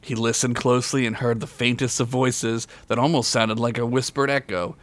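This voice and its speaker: A man's voice: mid-range voice, fairly even intonation, moderate pace, no room sound. A man hosting a podcast, narrating a comedic story with crude, jokey asides.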